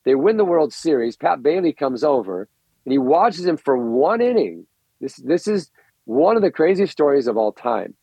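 Excitable rambling middle-aged man. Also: fairly high pitch, moderate pace, vocal fry, breathy edge, no echo. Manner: excitable, rambling, repeats words. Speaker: infield coach, podcast guest. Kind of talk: animated storytelling interview. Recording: dull, lo-fi, dry recording.

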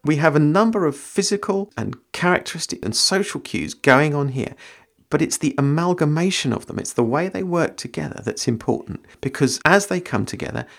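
A man hosting a podcast on creative writing, explaining in a measured, thoughtful way and reading passages aloud. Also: fairly high pitch, lively intonation, gravelly.

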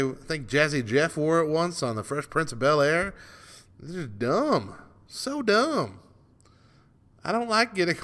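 A man's voice: mid-range voice, a bit bright. A man hosting a solo morning radio show, ranting in an exasperated, self-mocking way, with a dry throat. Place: radio studio.

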